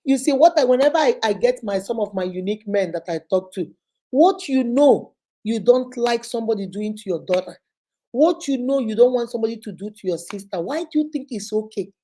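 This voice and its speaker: A woman counsels on relationships, telling stories and acting out the people in them. Her voice sits fairly high but has a mellow, dark tone. Her delivery is animated and preachy. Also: brisk. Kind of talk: storytelling advice talk.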